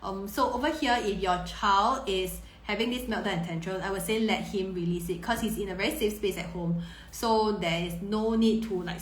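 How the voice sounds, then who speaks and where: Woman, 30s, parenting coach, live Q&A, mid-pitched and reassuring, roomy echo. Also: slight background noise. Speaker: parenting coach answering viewer questions. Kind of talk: live-stream Q&A.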